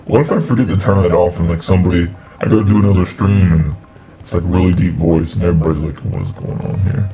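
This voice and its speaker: A man talking through a voice effect that lowers his voice, rambling while he tests how it sounds. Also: fast, over music, poor audio. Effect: pitch-lowering voice effect. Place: home streaming setup.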